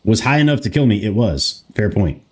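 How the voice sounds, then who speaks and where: A thirtysomething American gamer streams and casually comments, reading chat aloud, rambling and swearing offhandedly. His lowish, darkish voice is brisk with lively intonation.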